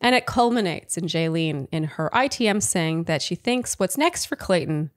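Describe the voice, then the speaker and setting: A woman's voice: fairly low pitch, lively intonation, normal speed, no echo, clean studio sound. A woman co-hosting a podcast, chatting casually about a TV episode, laughing often and trailing off mid-sentence. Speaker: podcast co-host. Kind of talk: casual chat recapping a TV show.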